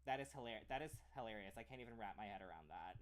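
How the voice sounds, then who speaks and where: A man's voice: lowish voice, lively intonation, racing. An American man talking in a casual, rambling way, with many "like"s and restarted phrases. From United States. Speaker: streamer.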